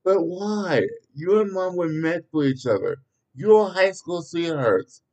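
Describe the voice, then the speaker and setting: An eager young boy's voice, pitched well up, as a man reading a story puts him on. He is earnest and full of questions. The reading is homemade and plain. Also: expressive, a little slow, darkish tone.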